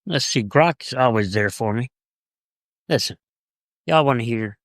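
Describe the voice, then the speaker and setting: A man's voice: medium pitch, unhurried, no echo, clean studio sound. A man co-hosting a podcast in casual chat, joking and playful. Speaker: podcast co-host.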